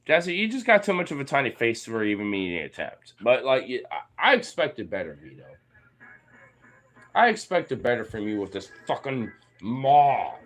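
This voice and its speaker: A man's voice: mid-range voice, big pitch swings, moderate pace, a bit bright. A young man talking playfully to his dogs, teasing them and swearing as he goes. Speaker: dog owner vlogger. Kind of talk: casual talk to his dogs.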